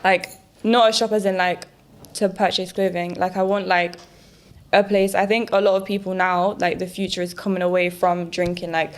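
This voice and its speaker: A woman's voice: on the low side, flat delivery, moderate pace. A young woman, chatting casually on a podcast in long, rambling turns. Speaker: podcast co-host. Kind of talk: casual chat.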